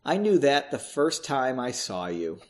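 A man voicing a calm young man who speaks softly and reassuringly to the woman he loves. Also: medium pitch, measured pace, voice pushed down. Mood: tender. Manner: soft and reassuring.

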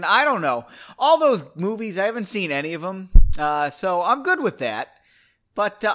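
A man hosts a casual solo podcast and rants freely, mocking himself as he goes. His voice sits a little high and jumps all over the place, flaring into loud bursts and then dropping to a mutter. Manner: ranting, self-mocking, swings between loud outbursts and mumbling asides. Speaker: podcast host reading his own book.

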